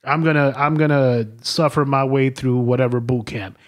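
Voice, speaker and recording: A man spins a story on a casual podcast, cursing freely and leaning into the telling. His voice sits at an ordinary middle pitch. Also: moderate pace. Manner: profane, animated storyteller. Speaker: podcast co-host.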